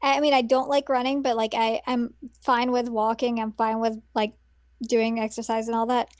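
A young woman co-hosting a relaxed podcast who chimes in with dry, quick quips. Her voice sits a little high and is recorded close and dry. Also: no echo. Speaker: podcast co-host. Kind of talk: casual chat.

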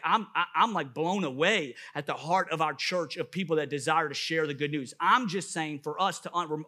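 High, bright-voiced man preaching a sermon. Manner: impassioned preaching with rising emphatic repetition. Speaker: pastor.

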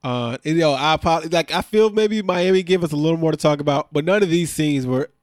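Higher-voiced guy on a podcast, super lively, laughs a lot, slangy, dry room sound. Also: fairly quick, clear, resonant tone, no echo. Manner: animated, exasperated, laughs often, slangy. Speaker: podcast co-host recapping a reality show. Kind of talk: casual chat.

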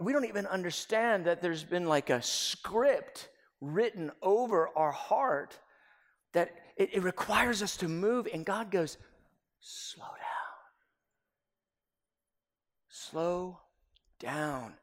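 A man preaching a sermon as a pastor, animated, acting out everyday dialogue in little scenes and dropping to a near whisper for emphasis. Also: high-pitched, a little slow. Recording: long hall reverb.

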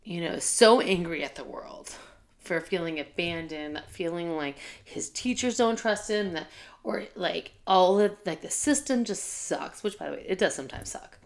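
Teacher lady sharing an emotional story, low gravelly voice, lots of "like"s. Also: expressive, normal speed. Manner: candid, heartfelt, tearful at times, many fillers. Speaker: school teacher and administrator.

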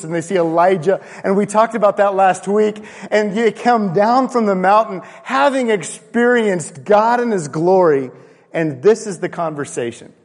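A man preaching a conversational sermon with rhetorical questions and playful asides in a church. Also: high-pitched. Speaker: pastor. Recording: long reverb of a large hall.

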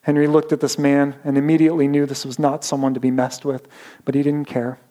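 A man preaching a sermon, telling a story dramatically and slowing down for emphasis. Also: mid-range voice, flat delivery, dark tone. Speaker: pastor.

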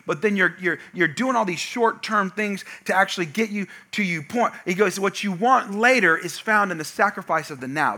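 A man preaching to his congregation with a high, piercing, very bright voice. He tells stories in a lively, animated way and breaks into loud shouted lines for comic effect. He sounds like a young father in his thirties. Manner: energetic storytelling, shouting punchlines. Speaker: pastor. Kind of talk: sermon.

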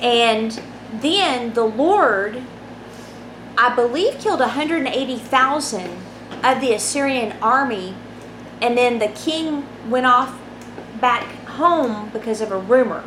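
A woman with a high voice teaches from the Bible in a relaxed, chatty way, reading passages and then explaining them. She keeps checking in with her listeners with a quick "right?". Her voice rings in a roomy space over a faint background hum.

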